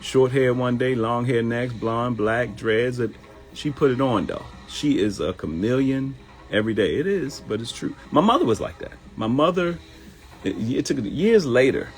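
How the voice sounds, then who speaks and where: A middle-aged man, a comedian hosting his own live show, telling stories in an animated, joking way. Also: medium pitch, moderate pace, faint music behind, rough recording.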